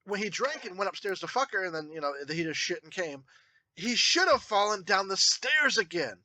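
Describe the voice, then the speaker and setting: Give me a man with a bright, sharp voice, rambling crudely through a movie review. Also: high voice, big pitch swings, moderate pace, no room sound. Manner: rambling, crude, many restarts. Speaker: podcast co-host. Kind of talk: casual movie review chat.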